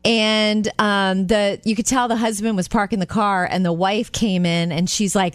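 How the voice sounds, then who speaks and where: A woman's voice: medium pitch, normal speed, few pauses, dry recording, studio quality. A woman co-hosting a radio show, telling stories in a chatty way and acting out the voices of the people in them. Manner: animated storyteller, acts out quoted voices. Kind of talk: morning radio chat and storytelling.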